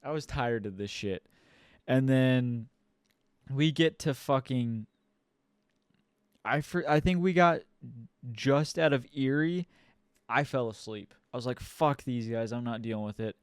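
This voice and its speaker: A man's voice: medium pitch, measured pace, long pauses, smooth, no room sound, clean studio sound. A young man co-hosting a podcast, telling a rambling story in casual chat, swearing often and mimicking people as he goes. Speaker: podcast co-host.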